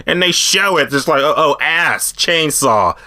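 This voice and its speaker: A man excitedly retelling horror movie kills in a casual discussion, graphic and profane. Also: on the high side, a little slow.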